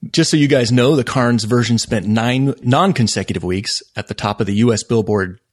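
A man co-hosting a podcast, sharing music trivia in a relaxed, unhurried way with a few fillers. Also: medium pitch. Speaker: podcast co-host.

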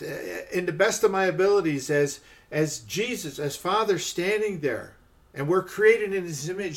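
A man giving a conversational podcast Bible teaching, often checking in with "okay" and stressing the quoted lines. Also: high-pitched.

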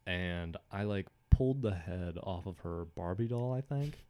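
A man's voice: low voice, a little slow. A young man co-hosting a casual podcast chat, telling stories with lots of laughter. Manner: animated storyteller, laughs often. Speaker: podcast co-host.

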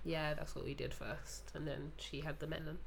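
Young woman in a casual chat, lowish voice, animated, bit of background hiss. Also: gravelly. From Nigerian heritage. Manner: animated storytelling, quick laughs.

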